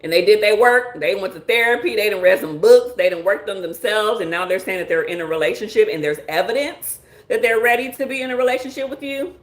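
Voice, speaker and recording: A woman therapist hosting a live stream with features, reading chat comments in a playful, lively way, laughing often and acting out the people she quotes. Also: a little high, roomy sound.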